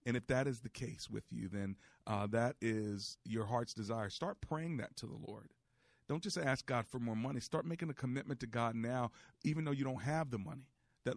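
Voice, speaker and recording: A man hosting a faith-based call-in radio show speaks in an emphatic, preachy manner. His voice sits at a middle pitch. It is recorded dry and close, with no room echo. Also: lively intonation, moderate pace. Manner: preachy, emphatic, quotes scripture.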